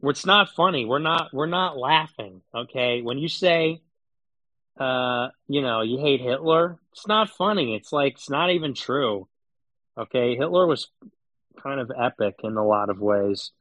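A man's voice: mid-range voice, lively intonation, unhurried, sharp tone, no echo. A man streaming political commentary, talking in a sarcastic, mocking, casual rant. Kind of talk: casual ranting monologue.

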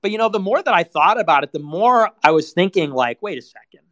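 Young guy streaming, rambly and animated, voice bounces all over, a bit high for a dude. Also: brisk. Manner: animated, filler-heavy, laughing asides. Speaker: livestream host. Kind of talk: rambling casual chat.

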